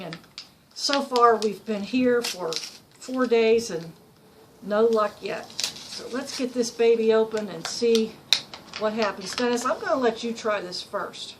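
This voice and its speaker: A woman's voice: on the high side, noisy background. A middle-aged woman chatting playfully in a casual travel vlog, laughing easily at herself. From United States. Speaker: vlogger traveling with her husband.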